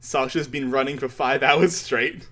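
A man chatting casually, retelling a story in an animated way with frequent laughter and swearing. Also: medium pitch, unhurried. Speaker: podcast co-host. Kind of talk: casual chat retelling a manga chapter.

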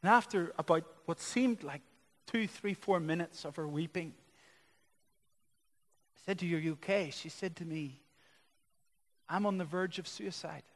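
A man preaching a sermon as a pastor, building to loud, impassioned passages. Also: a little high, moderate pace, pauses often. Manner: impassioned preaching that swells louder. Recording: long reverb of a large hall.

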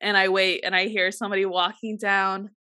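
Woman podcast host, bright clear voice, dry close mic, acts out the quotes as she tells stories. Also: mid-range voice, little pitch movement, brisk, no room sound. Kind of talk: casual chat.

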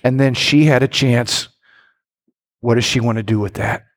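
A middle-aged man, a pastor, preaching a sermon with animated storytelling and frequent questions to his congregation. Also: normal speed. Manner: animated storytelling with lively pitch swings and direct questions to the congregation.

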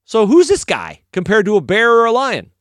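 A man's voice: high voice, huge pitch swings, normal speed, dry recording, studio quality, voice pushed up. A man doing a cocky young shepherd boy. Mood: confident. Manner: cocky, casual slang.

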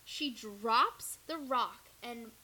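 A woman's voice: on the high side, very slow, poor audio. A young woman co-hosting a podcast, telling a story expressively, swearing and acting out what people said. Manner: expressive, profane, acting out quotes. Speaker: podcast co-host. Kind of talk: casual storytelling chat.

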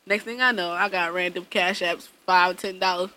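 A woman's voice: lowish voice, fairly even intonation, normal speed, pushed and bright. A woman in casual chat, telling blunt, profane stories about her son and laughing often as she acts out quotes. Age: adult, parent of a young son.

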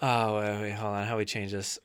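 Young man, podcast co-host, casual chat, bright voice, swearing and laughing. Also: fairly low pitch, level tone, fairly quick, clean tone. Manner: laughing, swearing, loose rambling. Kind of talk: casual chat while playing a game.

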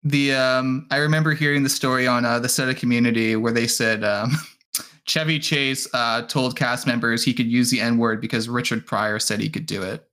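A man talks casually on a podcast, with a bright, clear tone. He tells stories at an easy pace, with fillers and dry asides. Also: mid-range voice, fairly even intonation, moderate pace. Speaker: podcast co-host. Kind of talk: casual chat.

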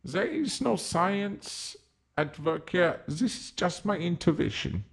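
A woman's voice: fairly low pitch, animated, takes it slowly, gravelly, breathy edge, exaggerated voice. A woman voicing a fierce, protective forest spirit who mothers a brood of talking mushrooms, speaking in a solemn, threatening way.

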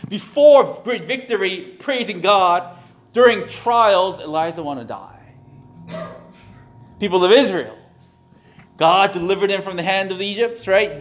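A man, a pastor, preaching a conversational sermon, animated and repeating phrases for emphasis. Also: sits high, moderate pace, pauses often.

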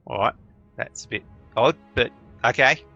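A man's voice: medium pitch, moderate pace, vocal fry, pushed and bright, muffled recording, faint music behind, voice pushed up. A man voicing a little girl of about ten who minds horses at an inn. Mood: chirpy.

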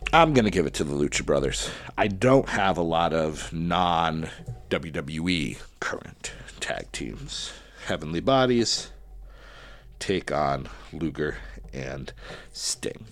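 Low-pitched, animated and a little slow, this wrestling podcast host is recorded with no room sound. He talks casually on his own, working through tournament picks and musing aloud over who should win.

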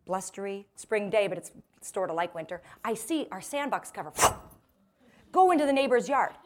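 A woman in her forties giving a humorous storytelling talk to a live audience, lively and self-mocking, laughing often and acting out what people said. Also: on the high side, moderate pace. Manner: lively, self-mocking, acts out quoted voices. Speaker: motivational speaker.

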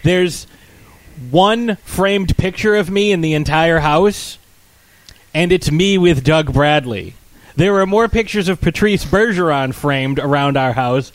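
A man's voice: fairly high pitch, a little slow, no echo, rough recording. A man co-hosting a podcast, chatting casually in a dry, teasing, matter-of-fact way. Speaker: podcast co-host. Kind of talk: casual chat.

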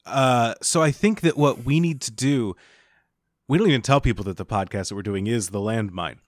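A man co-hosting a podcast, rambling through joking pitches in casual chat. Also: lively intonation, normal speed, dry recording, clean studio sound. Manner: rambling, riffing on mock show ideas. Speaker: podcast co-host.

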